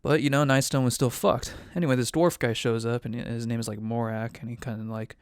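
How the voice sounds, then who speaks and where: A man's voice: medium pitch, steady tone, a little fast, few pauses, clear, resonant tone, no room sound, clean studio sound. A man acting as game master, giving a rambling, profane, offhand recap of a tabletop game.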